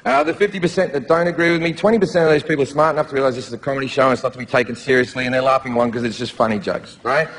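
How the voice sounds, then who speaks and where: A man's voice: mid-range voice, racing, few pauses, in a large hall. A man from Australia with an Australian accent, doing a brash, profane, mocking stand-up comedy routine in a theatre. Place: theatre with live audience. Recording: live show, loud crowd noise.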